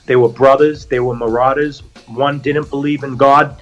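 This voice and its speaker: A man's voice: mid-range voice, moderate pace, muffled recording, faint music behind. A middle-aged man with a Boston accent, an actor guest chatting casually and telling stories. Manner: animated storyteller, acts out quotes. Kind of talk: casual chat.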